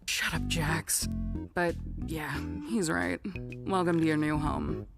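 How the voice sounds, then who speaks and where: A woman voicing a blunt, grumpy patchwork toy creature in an animated series, flat and curt. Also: low-pitched, takes it slowly, creaky, over music, heavily acted.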